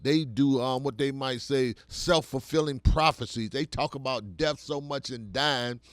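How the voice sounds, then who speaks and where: Forceful man preaching in bursts. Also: medium pitch, a little slow, no echo, studio quality. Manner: forceful, rises to loud emphatic bursts. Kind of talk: impassioned conversational preaching.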